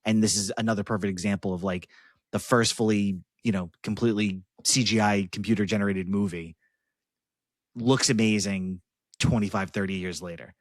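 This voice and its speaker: Young male podcast co-host, lowish voice, dry studio sound, animated storyteller. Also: moderate pace, no room sound. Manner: animated storytelling with playful voice impressions. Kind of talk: casual chat.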